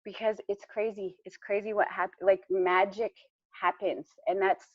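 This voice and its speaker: A woman on a group call, rambling excitedly and laughing as she talks. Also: medium pitch, moderate pace, no room sound. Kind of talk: casual chat. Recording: dry, dull sound.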